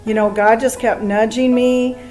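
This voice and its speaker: A woman's voice: a little high, fairly even intonation, normal speed, a little mellow, soft background music. A middle-aged woman giving a conversational personal testimony as a guest, earnest and reflective, with frequent ums and restarts. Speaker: guest telling her personal story.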